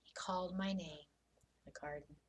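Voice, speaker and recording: A woman in a church service playing a joyful, grieving disciple who has just seen her risen teacher, telling it in first person with stammering repeats and soft whispers. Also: on the low side, fairly even intonation, normal speed, lightly acted. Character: Mary Magdalene, woman disciple, joyful witness. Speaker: dramatic monologue in a church service. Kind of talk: first-person sermon monologue. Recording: voice from some distance off the mic.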